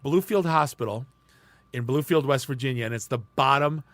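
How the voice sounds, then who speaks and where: A man co-hosting a podcast, telling stories in an animated way and swearing freely. He is from the Detroit area. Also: medium pitch, moderate pace, dry recording. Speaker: podcast co-host. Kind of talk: casual chat, storytelling.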